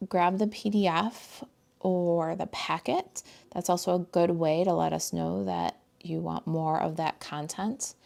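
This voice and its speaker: An American woman with a medium-pitched, gravelly, darkish voice demonstrates card stamping live at her home craft desk. She chats casually and warmly with viewers as she works, talking to her dog too.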